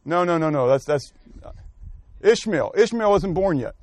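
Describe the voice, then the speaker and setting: A man's voice: a little high, expressive, moderate pace, a little mellow, no echo. A man teaching a Bible study, quizzing his class and calling on people by name while he thinks aloud and corrects himself. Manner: asks the class questions and calls on people by name. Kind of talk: interactive scripture lesson.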